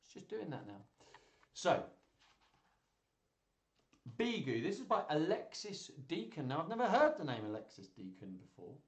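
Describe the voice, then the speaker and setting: A man hosts a children's live stream, reading out viewers' jokes and laughing easily at them. His voice swings widely in pitch as he chats. The room adds a noticeable echo. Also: normal speed, long pauses. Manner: chatty, laughs at jokes, lively delivery. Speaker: host of a live children's joke and story stream.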